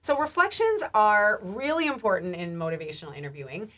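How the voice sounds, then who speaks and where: A woman's voice: mid-range voice, sing-song, a little fast, hardly any pauses. A woman health educator giving a recorded training lecture, casual and chatty with frequent laughs, restarts, and a rising lilt at the ends of phrases. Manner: casual, warm, laughs often, many restarts and fillers.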